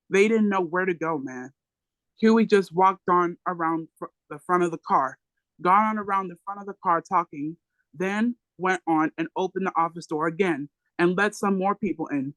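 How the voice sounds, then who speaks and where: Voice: mid-range voice, fairly bright tone, dry recording, low-quality recording. A book club reader reading a memoir aloud, emphatic and given to profane asides.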